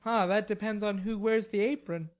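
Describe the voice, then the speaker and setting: A woman's voice: mid-range voice, steady tone, moderate pace, darkish tone, lightly acted. Woman putting on a cheeky young guy, teasing and playful, audiobook. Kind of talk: audiobook narration.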